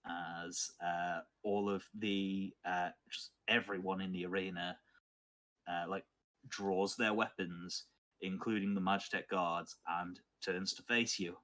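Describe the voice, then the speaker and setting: A man narrating as game master of a tabletop game, unhurried and pausing often with fillers. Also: low voice, fairly even intonation, a bit bright. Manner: unhurried, thoughtful, with many filler pauses.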